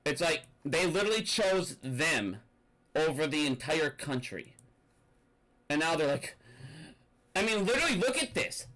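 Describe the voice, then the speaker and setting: Young male commentator, profane rambling rant, slightly high voice. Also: big pitch swings, measured pace, pauses often, bright, forceful tone, low-quality recording. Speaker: finance commentator. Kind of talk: ranting commentary.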